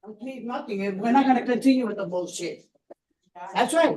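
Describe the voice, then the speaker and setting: An enraged woman, a resident at a public meeting, shouting, swearing and repeating herself in fury. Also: a little high, brisk. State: furious, agitated. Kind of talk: heated outburst at a community board meeting. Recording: distant room audio from a meeting.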